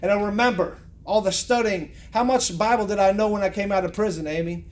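A man's voice: high voice, fairly even intonation, fast talker, hardly any pauses. A man preaching a fervent, emphatic sermon, repeating words for stress. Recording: echoey room, faint noise.

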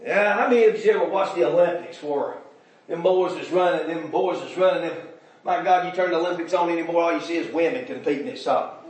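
Folksy shouting preacher. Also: male voice, fairly high pitch, fast, very echoey, far from the mic. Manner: folksy storytelling that builds to shouting. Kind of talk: folksy revival sermon. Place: church sanctuary.

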